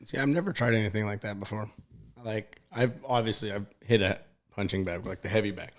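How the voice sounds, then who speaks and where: A man's voice: lowish voice, fairly quick. A young adult man, a podcast guest, in easygoing casual chat, chuckling at his own stories.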